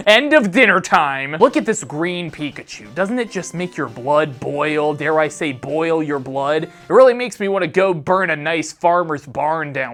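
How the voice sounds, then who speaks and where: Rambling deadpan comedian. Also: medium pitch. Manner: rambling, absurd deadpan rants. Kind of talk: comedic monologue.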